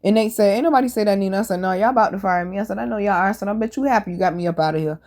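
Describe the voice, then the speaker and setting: Animated woman telling a profane story. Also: medium pitch, rapid-fire. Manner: animated, profane, laughs while telling stories. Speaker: podcast host. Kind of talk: casual storytelling monologue.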